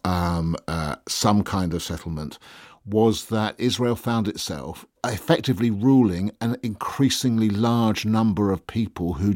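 A male interviewer with a fairly low voice asks probing questions and sums up what he has heard. The recording is dry and close. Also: darkish tone, no room sound. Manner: probing, summarizing follow-up questions.

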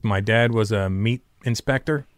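A man's voice: lowish voice, normal speed. Blunt plain-spoken man. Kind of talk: casual storytelling interview.

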